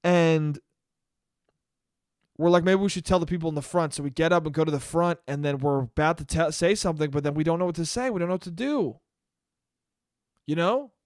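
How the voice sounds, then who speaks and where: A man's voice: a little high, normal speed, long pauses, clear, resonant tone, dry recording, studio quality. A man hosting a solo podcast and telling a rambling story, cursing often and restarting his sentences. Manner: profane, rambling, with many restarts. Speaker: podcast host.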